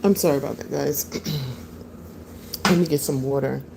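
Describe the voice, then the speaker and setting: A woman hosts a live-stream podcast, chatting and rambling loosely as she talks to viewers and answers their comments. Recorded on a phone, her voice is bass-deep and warm with vocal fry, a moderate pace and a little hiss or hum.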